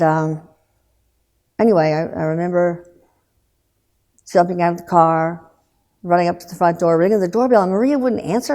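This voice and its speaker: A woman in her sixties, a guest telling a painful personal story in an earnest, subdued way, halting with restarts and trailing pauses. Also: lowish voice, creaky, dark tone. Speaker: guest recounting loss.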